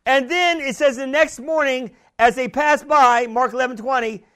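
High-voiced preacher man. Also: normal speed. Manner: emphatic, repeats phrases, builds to shouting. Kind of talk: sermon.

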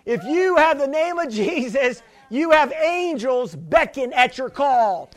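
A male pastor preaching with a strikingly high voice. He hammers points home with repetition and calls for an amen. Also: expressive, slow. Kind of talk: sermon.

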